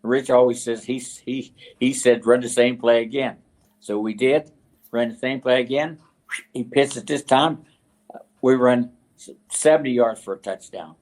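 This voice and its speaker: An older man from West Virginia, a retired football coach, telling stories as a guest in an interview, halting and full of fillers and restarts. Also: medium pitch, a little mellow. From West Virginia, USA. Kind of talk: storytelling interview.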